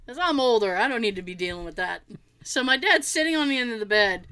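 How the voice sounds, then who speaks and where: A woman's voice: on the high side, expressive, quick pace, bright, forceful tone, clear, resonant tone. A middle-aged woman telling a funny family story in casual chat, acting out the quotes and laughing often.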